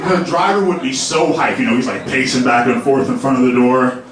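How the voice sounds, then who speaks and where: A man's voice: medium pitch, a little fast, slight background noise. A young man doing a loose, profane stand-up set in a comedy club, laughing at his own jokes. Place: comedy club main room. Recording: echoey club room, mic at a distance.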